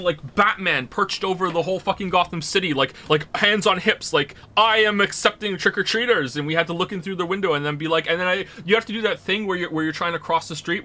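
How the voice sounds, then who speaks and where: A man's voice: high-pitched, pushed and bright. A man from Canada hosting a gaming stream, telling rambling, profane stories in casual chat. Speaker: streamer host.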